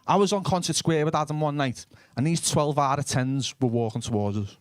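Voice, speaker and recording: A young Liverpool comedian doing stand-up with a blunt, sweary delivery, often talking back and forth with the audience. His voice sits fairly high for a man. The sound is dry and close, with little room in it. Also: brisk, no room sound. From Liverpool, England. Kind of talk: live stand-up comedy with crowd work.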